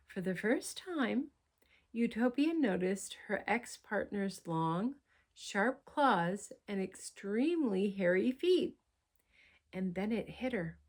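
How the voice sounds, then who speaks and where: A woman reading a picture book aloud in an expressive, unhurried storytelling manner, with soft asides to the listener. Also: mid-range voice. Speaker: storybook reader.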